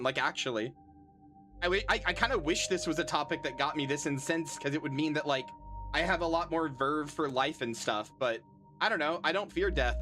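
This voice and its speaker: A woman in her thirties, a streamer in casual chat with her audience, rambling, swearing freely and making dry, self-deprecating jokes. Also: low voice. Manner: self-deprecating and dryly joking.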